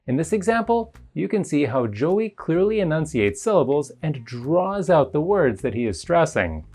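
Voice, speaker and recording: Lively, steady voice narrating an English lesson. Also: mid-range voice, moderate pace, a little hiss or hum. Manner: even, explanatory reading. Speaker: English teacher.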